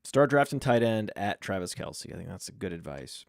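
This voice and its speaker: Guy guesting on a sports podcast, quick opinions, stumbles on his starts, dry close sound. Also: low voice, sing-song, creaky, no echo. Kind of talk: casual fantasy football chat.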